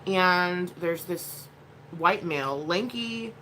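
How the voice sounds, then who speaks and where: A woman's voice: lowish voice, lively intonation, slow, a bit bright, slight background noise. A woman vlogging at home, telling a rambling story in a blunt, casual way with plenty of swearing. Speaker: vlogger, mother.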